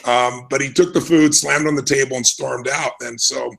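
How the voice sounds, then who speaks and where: A man's voice: mid-range voice, steady tone, moderate pace, gravelly, fairly bright tone, low-quality recording. A middle-aged American man telling his life story as an interview guest, earnest and reflective, often restarting his sentences. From United States. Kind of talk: conversational storytelling.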